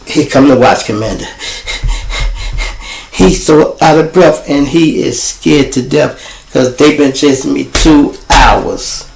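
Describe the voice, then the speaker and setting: Gravelly-voiced Chicago man telling a story. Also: fairly high pitch, measured pace, echoey room, soft background music, rough recording. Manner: profane, animated, acts out quoted voices. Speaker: livestream show host. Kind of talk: casual storytelling to viewers.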